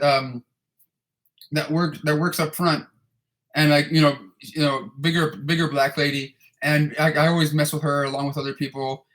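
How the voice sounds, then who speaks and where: His voice is a little high with a fairly bright tone. In his thirties, he chats casually while answering viewers' questions, cursing, rambling, and often repeating himself or starting over.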